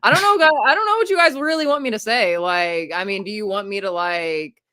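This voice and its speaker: A woman's voice: medium pitch, a little fast, bright, forceful tone, no echo, studio quality. A young adult woman hosting a casual stream, talking bluntly and profanely, brushing off criticism. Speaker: streamer host.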